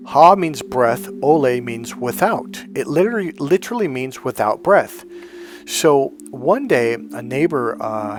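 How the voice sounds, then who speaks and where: A middle-aged man with a medium-pitched voice coaches in a casual, rambling monologue, correcting himself as he goes and acting out breaths and sighs.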